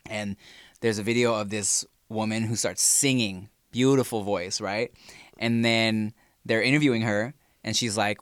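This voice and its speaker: A man co-hosting a podcast in casual chat, an animated storyteller who slips into voices. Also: lowish voice, a little slow, clean tone, no echo, studio quality. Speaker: podcast co-host.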